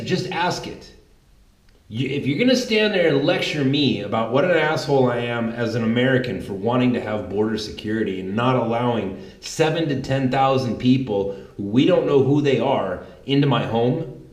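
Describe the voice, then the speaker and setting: Guy ranting on his commentary show, worked up and swearing, mid-pitched voice, roomy echo. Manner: fired-up, confrontational, swears freely. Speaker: political commentary show host. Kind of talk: heated political commentary.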